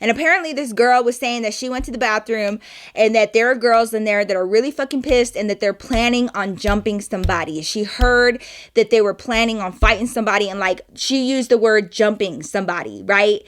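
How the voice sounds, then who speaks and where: A young woman telling a story to her viewers in a casual, animated way, swearing freely and calling them y'all. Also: on the high side, a little fast.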